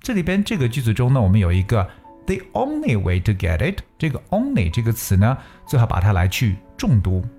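A man teaching an English lesson, reading sentences aloud slowly, repeating and spelling words letter by letter, and stressing key words to show intonation. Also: medium pitch, big pitch swings, mellow, faint music behind.

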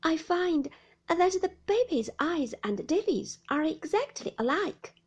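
A woman voicing a gentle, timid young mother in a storybook reading, soft and meek. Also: very high voice, very animated, measured pace, voice pushed up, heavily acted.

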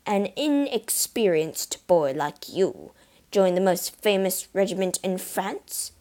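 A stern male captain of musketeers, voiced by a woman reading aloud. His words come clipped and scornful, pitched low. It is a storybook voice, not a full performance. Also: big pitch swings, unhurried, darkish tone, full character voice. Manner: snapping, scornful.

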